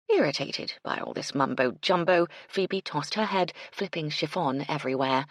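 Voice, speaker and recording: A woman narrating a mystery audiobook in an expressive storytelling manner, on a close mic. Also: low-pitched, moderate pace, few pauses, no echo. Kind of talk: scripted narration.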